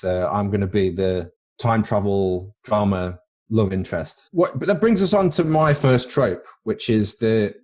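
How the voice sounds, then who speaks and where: A man with a British accent co-hosting a casual film podcast, joking and tripping over repeated words as he thinks. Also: fairly low pitch. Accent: British English. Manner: jokey, rambling, repeats words while thinking. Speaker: podcast co-host.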